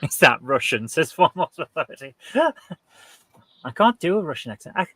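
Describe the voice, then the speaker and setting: A man's voice: a little high, animated, a little fast, sharp tone. A man co-hosting a casual quiz chat, joking and laughing often.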